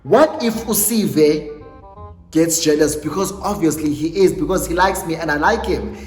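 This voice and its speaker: A South African man on his YouTube channel, telling a storytime tale in an animated, dramatic way and mixing English with Xhosa phrases. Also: fairly high pitch, moderate pace. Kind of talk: storytime vlog. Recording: echoey room with long reverb, faint music.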